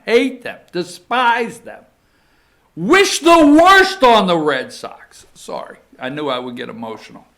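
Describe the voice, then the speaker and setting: A male talk show host with a slightly high voice talks slowly and casually. He rambles, repeats himself and pushes hard on certain words when he gets heated. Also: fairly bright tone. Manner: rambling, emphatic, emotional outbursts.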